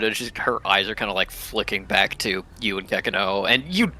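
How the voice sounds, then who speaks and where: A man narrates as game master in a tabletop game. His voice is low-pitched but bright and forceful. He speaks haltingly, with frequent ums and restarts. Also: dry recording. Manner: hesitant, full of ums and restarts.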